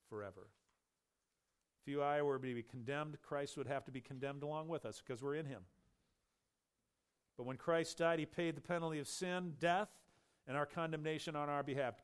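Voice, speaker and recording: A man preaching a sermon with emphatic stress, raising his voice for questions and dropping low on key words.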